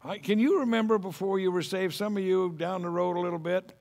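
A man's voice: high voice, fairly quick, gravelly, darkish tone. A middle-aged man preaching a sermon as pastor, folksy and homespun, telling stories with humor.

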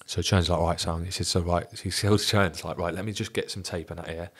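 A man in his thirties with a very low, husky voice tells a locker-room story as a podcast guest. He talks quickly and swears freely, building the anecdote with energy. His delivery stays casual and conversational throughout. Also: level tone, a bit bright. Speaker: podcast guest, former footballer.

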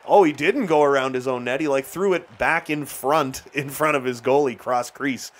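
A man talks through his hockey video game session in a loose, chatty way, laughing now and then. His pitch sits in the middle range, and at big plays his voice jumps up into shouts. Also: normal speed. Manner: excitable, shouts at big plays, chuckles often. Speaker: gaming YouTuber. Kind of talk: let's-play commentary.

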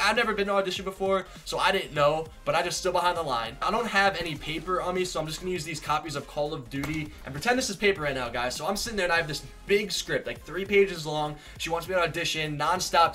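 A young man telling a story to camera in a casual vlog, animated and exaggerated, slipping into voices as he retells it. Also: on the high side, quick pace, hardly any pauses, faint music behind. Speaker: vlogger.

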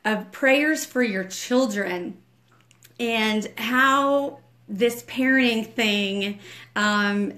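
A woman talking into her phone at home early in the morning, greeting viewers one by one in a relaxed, chatty way before moving into a fervent spoken prayer. She speaks softly at first, and her voice cracks a little. She has a mid-range pitch and an easy, conversational delivery. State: voice slightly cracking. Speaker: ministry director leading a prayer livestream.

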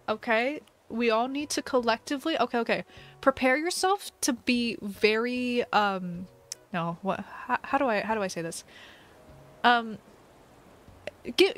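Young female streamer, chatty and giggly, fairly high voice over quiet music. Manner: giggly, chatty, reads chat aloud. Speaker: livestream host. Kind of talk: casual live-stream chat while playing a game.

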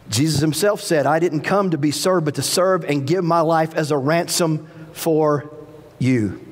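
A man's voice: on the high side, unhurried, long reverb tail. A man pastor preaching a sermon in a church, with emphatic delivery and folksy asides. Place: church sanctuary.

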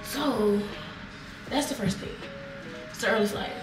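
A woman's voice: mid-range voice, unhurried, roomy sound, distant mic, loud music behind the voice, poor audio. A young woman vlogger telling a story in casual slang, swearing freely and talking with lots of energy.

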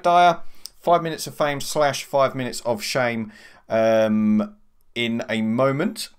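A man chats casually through a live stream, dropping swear words and greeting viewers one by one. His voice sits a bit higher than most men's and comes across smooth and clear on a desk mic at home. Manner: swears a lot, greets chat by name. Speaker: livestream host. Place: home room at a computer. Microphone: desk USB microphone.

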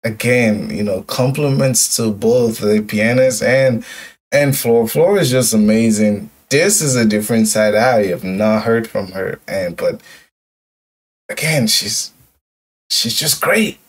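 A man's voice: fairly low pitch, unhurried, recorded from a distance. A young man hosting a music reaction video, emotional and repetitive, with lots of yo and like. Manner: emotional, repeats phrases, says yo and like. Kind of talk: casual reaction commentary.

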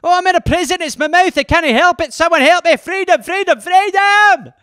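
A man putting on a Scottish accent to play a man pleading to be freed from his own accent, crying out high and loud. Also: a little fast, no room sound, studio quality. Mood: desperate. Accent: put-on Scottish. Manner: high, loud, desperate cries.

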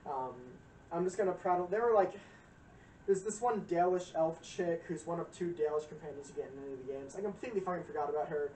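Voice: medium pitch, fast talker, dark tone. A young adult streamer casually rambling through a lecture, swearing often, with fillers and acted-out quotes. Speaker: streamer giving a game lore lecture. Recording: roomy echo, distant mic, faint noise.

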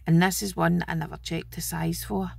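A middle-aged Scottish woman talks through a craft haul in a chatty, homely way. Her voice has a gravelly edge and a husky, breathy grain. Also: fairly low pitch, little pitch movement, a little fast, a little mellow, dry recording. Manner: chatty and homely, fond of 'wee'. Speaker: craft channel host. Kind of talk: casual show-and-tell haul video.

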